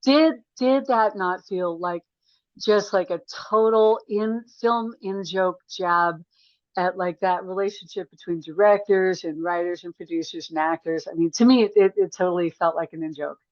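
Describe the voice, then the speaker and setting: A woman's voice: fairly low pitch, normal speed, no room sound, highs cut off. A woman, a guest author, talking analytically and thoughtfully with hesitant restarts in an interview. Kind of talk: interview conversation.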